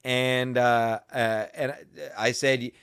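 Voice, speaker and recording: A man's voice: medium pitch, flat delivery, takes it slowly, a bit bright, clean tone, no echo, studio quality. A man hosting a podcast, telling a story in a crude, combative and profane rant. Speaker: podcast host. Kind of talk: casual ranting chat.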